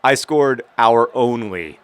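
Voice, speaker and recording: A man's voice: mid-range voice, takes it slowly, fairly bright tone. A man in his thirties giving rambling, self-deprecating commentary while playing a soccer video game and cheering on his team. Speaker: gaming video host.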